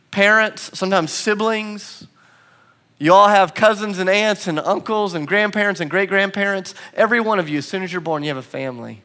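A man's voice: sits high, bright, forceful tone. A man in his thirties preaching a sermon in a church, telling a family story with playful self-mockery and emphatic repetition. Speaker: pastor. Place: church sanctuary.

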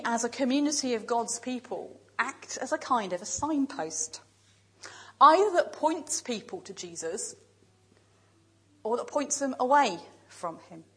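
A woman preaching a sermon in a church, speaking in measured, emphatic lists with pauses. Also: sits high, fairly bright tone, husky, poor audio.

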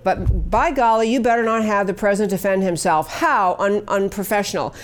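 A woman's voice: medium pitch, moderate pace. A woman hosting a talk show, delivering opinionated political commentary in an emphatic, scornful way with many fillers.

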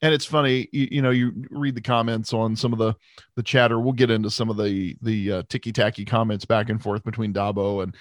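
A man co-hosting a sports podcast in casual chat, animated and self-deprecating, with frequent restarts. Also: on the low side, a little fast, dry recording, clean studio sound. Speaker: podcast co-host.

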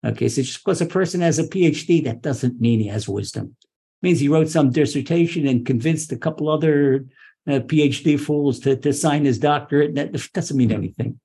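A man with a somewhat high, husky voice teaches a religious lesson. He speaks with passion and energy, and he often repeats words and starts his sentences over. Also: fairly quick. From Israel. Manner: impassioned, animated, repeats words and restarts. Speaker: rabbi teaching Torah.

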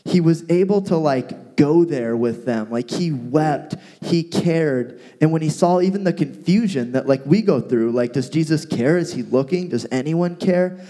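A man co-hosting a casual talk, retelling a Bible story with playful asides and lively paraphrase. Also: on the high side, unhurried, few pauses. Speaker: podcast co-host teaching from the Bible. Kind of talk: casual Bible teaching chat.

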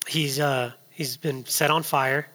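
A man in his thirties preaching a sermon, telling a story that builds from hushed to loud and urgent. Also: medium pitch, fairly even intonation, slow, big-room sound.

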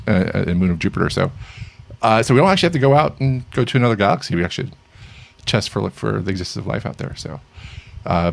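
A man's voice: sits low, creaky. A middle-aged man co-hosting a casual tech news chat, rambling with many fillers and restarts. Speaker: podcast co-host.

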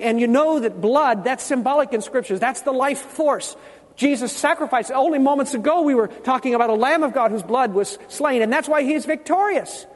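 High-voiced preacher in a reverberant hall. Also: male voice. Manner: teaching, quizzes the congregation with questions; repeats key words slowly for emphasis. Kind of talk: sermon.

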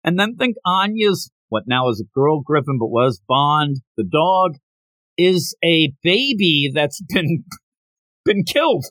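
A man co-hosting a podcast, casually recapping a manga chapter and acting out the characters' lines in quick voices. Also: a little high, no echo. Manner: animated retelling, quoting characters in quick voices. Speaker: podcast co-host.

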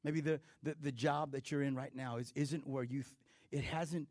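A middle-aged man preaching a sermon as pastor, conversational and animated, with frequent restarts and playful asides. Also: mid-range voice, normal speed, dry recording, clean studio sound.

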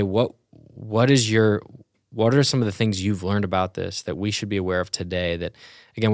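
Male podcast host; low pitch, dry close mic, thoughtful questioner. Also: dry recording. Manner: thoughtful, restarts as he frames questions. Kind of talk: interview questions.

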